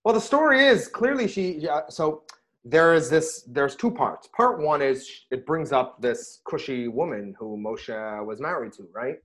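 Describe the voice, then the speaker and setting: A middle-aged man, a rabbi, chatting casually about scripture and telling stories with lively bursts when he quotes himself. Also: a little high, a little slow. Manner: animated storyteller, rises sharply when quoting himself. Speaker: rabbi and podcast host. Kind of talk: casual Torah discussion and storytelling.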